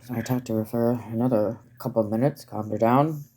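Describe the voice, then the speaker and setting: A woman's voice: a bass voice, a little fast, warm tone, slight background noise. A woman chatting casually on a livestream, rambling, swearing freely and using many fillers.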